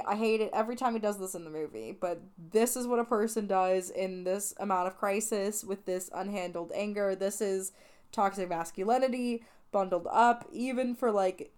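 A woman's voice: medium pitch, clean tone. A young woman hosting a podcast, talking through a film in a casual, chatty way with lots of "like" fillers. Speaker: podcast host. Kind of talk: casual film review monologue.

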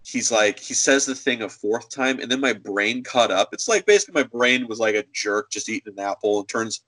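A man telling a story in casual chat, animated and slipping into acted quotes. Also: on the low side, brisk, poor audio.

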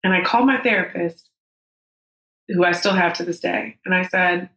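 A woman's voice: lowish voice, fairly even intonation, a little fast, gravelly, fairly bright tone. A woman in her thirties telling a personal story as a podcast guest, candid and emotional, with frank swearing. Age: 30s. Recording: roomy echo.

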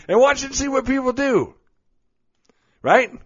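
Speaking slowly in a very high, animated voice, a middle-aged man hands out advice on being goofy, laughing and joking throughout. The casual monologue was recorded in dull lo-fi quality.

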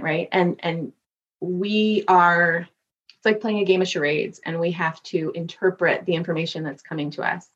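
A woman's voice: on the low side, muffled recording. A woman working as a medium, telling stories in an interview and acting out voices as she goes. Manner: animated storyteller, acts out voices. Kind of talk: podcast interview.

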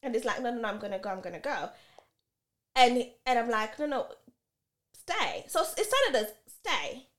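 A woman co-hosting a casual podcast, telling a story with animated delivery and acting out both sides of an argument. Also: a little high, a little fast. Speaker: podcast co-host.

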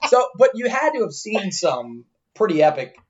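A man's voice: big pitch swings, normal speed. A man co-hosting a casual podcast, joking, laughing and asking the guest questions. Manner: joking, laughing, swings pitch a lot. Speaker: podcast co-host. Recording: dull lo-fi podcast mic.

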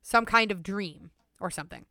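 A woman's voice: mid-range voice, normal speed, dry recording. A young woman co-hosting a podcast, telling a story in casual chat and laughing often. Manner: laughs often, lively narration. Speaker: podcast co-host.

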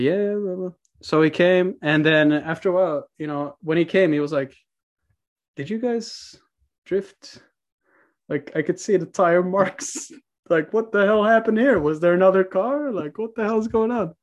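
A young man from Norway, telling a story as a podcast guest in a laid-back way, swearing and laughing a lot. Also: fairly high pitch. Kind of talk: casual storytelling.

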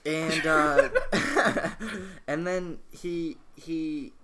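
Animated young man telling a story. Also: a little high, extremely slow, crowd noise. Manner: animated, swears freely, laughs through story. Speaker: podcast co-host. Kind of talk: casual podcast storytelling.

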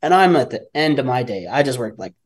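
A man from Vancouver telling a story as a guest on a podcast, animated and blunt, with frequent swearing and laughter. His voice sits at an ordinary middle pitch, and he speaks casually like a life coach sharing something personal. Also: fairly quick, breathy edge. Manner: animated, profane, laughs often.

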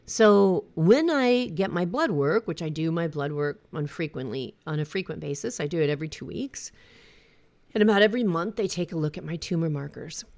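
Low, gravelly-voiced woman talking frankly. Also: a little mellow. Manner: frank, reflective, conversational. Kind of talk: candid personal talk.

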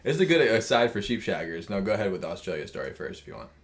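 Crude, joking man with a low voice. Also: big pitch swings, very fast. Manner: joking, crude, tells long asides. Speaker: podcast co-host. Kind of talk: casual podcast chat.

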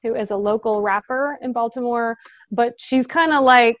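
Woman guest, higher voice, chatty with lots of fillers, dry lo-fi video-call sound. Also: moderate pace, no room sound. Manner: chatty, laughs often, many fillers. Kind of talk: casual interview chat.

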